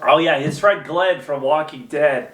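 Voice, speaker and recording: A man's voice: fairly high pitch, unhurried, roomy sound, recorded from a distance. A man co-hosting a casual movie review podcast, playful and loose, swearing freely. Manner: playful, swears a lot, jumps into excited yelps. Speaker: podcast co-host. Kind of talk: casual movie review chat with comic skits.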